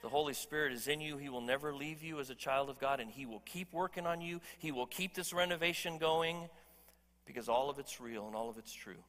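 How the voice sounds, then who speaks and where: A man's voice: medium pitch, a little fast, a bit bright, in a large hall. A man preaching a sermon as pastor, emphatic and conversational, joking with his congregation. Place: church hall.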